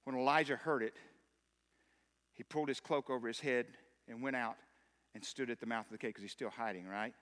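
A man's voice: mid-range voice, steady tone, a little fast, fairly bright tone. A man, a pastor, giving an emphatic, impassioned sermon. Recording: long hall reverb.

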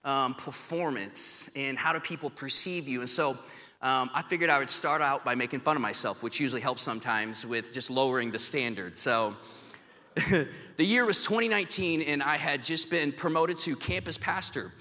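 Speaking into a handheld mic, this man delivers a sermon in the church sanctuary with a mid-range voice and moderate pace. He's a pastor in a casual, joking mood, spinning lively stories packed with fillers while the echoey hall adds a long reverb.

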